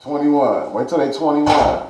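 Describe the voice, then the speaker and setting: A man's voice: a little high, measured pace, warm tone, a little hiss or hum. A man telling a rambling, profane story in street slang, ranting to camera. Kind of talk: casual storytelling rant. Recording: echoey room.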